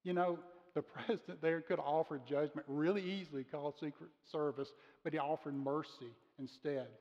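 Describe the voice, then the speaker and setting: A man preaching a sermon as pastor, speaking earnestly and slowing down to stress key words. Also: on the high side, fairly even intonation, darkish tone. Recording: muffled sound with long reverb of a large room.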